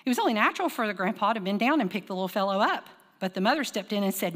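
A woman pastor preaching a sermon, telling stories with lively call-and-response. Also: medium pitch, racing, few pauses, long reverb tail. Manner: animated storytelling with call-and-response. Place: church sanctuary.

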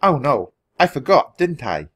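A man's voice: a little high, big pitch swings, measured pace, a bit bright, voice pushed up, heavily acted. A man voicing an earnest, apologetic young sorcerer in a storybook reading.

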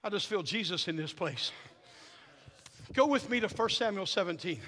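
A middle-aged man preaching as a guest in a church, telling stories with animated energy that builds to fervent shouting. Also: sits high, normal speed. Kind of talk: sermon. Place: church sanctuary. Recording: reverberant church hall.

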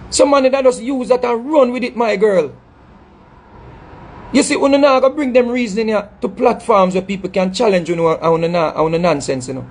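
A man's voice: extremely high pitch, brisk. A middle-aged man with a Jamaican accent, talking in an impassioned monologue, emphatic and scolding, repeating phrases and stumbling over words. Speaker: dancehall artist speaking to his audience.

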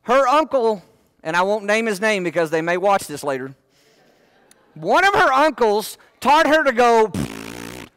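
A man's voice: high voice, big pitch swings, moderate pace, a bit bright, smooth, no room sound. A man preaching a sermon in church, folksy and full of joking asides. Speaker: pastor.

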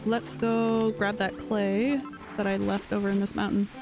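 A young woman streamer chats casually while playing a game, rambling with lots of fillers. Her medium-pitched voice is level and unhurried, heard over music in a rough recording.

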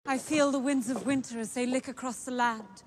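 Posh English stage queen, played by an actress: high, theatrical, declaiming. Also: moderate pace, natural voice. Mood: mournful.

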